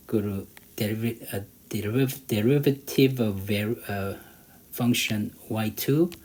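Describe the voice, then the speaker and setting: Slow, halting man tutoring math. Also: lowish voice, darkish tone, poor audio. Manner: halting, many fillers, thinks aloud while using a calculator. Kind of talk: walking through an exam problem. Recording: faint background noise.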